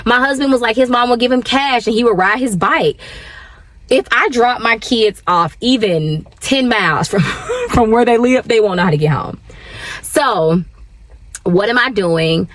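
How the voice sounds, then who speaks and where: A woman, chatting casually to camera from her car, animated and talkative with sudden high jumps and laughs. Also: moderate pace, dry recording. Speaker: vlogger, working mom.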